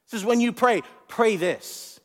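Man, preacher, high voice, animated sermon, long church reverb. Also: measured pace. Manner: animated preaching, repeats words, asks the congregation questions.

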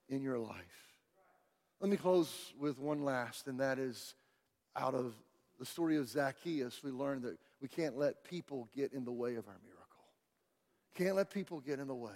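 A pastor preaching to his church, his fairly high voice rising into loud shouted peaks and dropping into hushed lines. The sound rings with long reverb from a large sanctuary. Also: expressive, normal speed. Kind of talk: sermon.

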